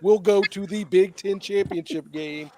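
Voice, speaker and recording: A man's voice: high voice, fairly even intonation, a little slow, warm tone. A man on a sports panel, trading teasing, laughing banter in casual chat.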